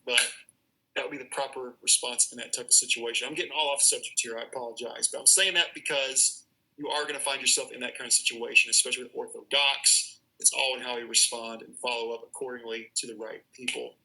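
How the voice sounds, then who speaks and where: A male instructor lectures radiology students in a relaxed, plain-spoken way, leaning on stories from the job. His voice sits at a middle pitch with a strongly bright, sharp edge. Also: fairly quick, poor audio. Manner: casual, direct, tells work stories. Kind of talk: classroom lecture.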